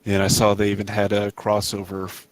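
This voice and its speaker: An easygoing man co-hosting a podcast, chatting in a relaxed way. His voice sits a bit on the low side. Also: brisk. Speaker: podcast co-host. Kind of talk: casual chat.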